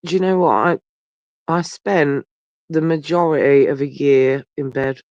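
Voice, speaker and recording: Unhurried and a little mellow, a man with a voice on the high side chats tiredly with his livestream viewers, yawning, rambling and swearing. The phone sits very close to him, and the audio is dull, lo-fi and dry with no room sound.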